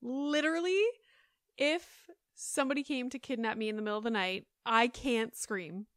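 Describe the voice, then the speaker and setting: A woman's voice: on the high side, normal speed, clean tone, no room sound. A woman in her thirties hosting a solo podcast, chatting in a rambling way with lots of fillers, close on the mic. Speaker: podcast host. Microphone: close studio mic.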